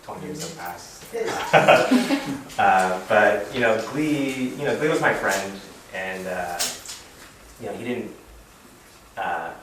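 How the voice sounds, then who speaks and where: A man's voice: lowish voice, expressive, slow. A man in his thirties from Reno giving a casual sermon-style talk, rambling with many fillers. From Reno, Nevada, US. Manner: rambling, full of "you know" and "like". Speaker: fellowship speaker. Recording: echoey room, distant mic, background noise.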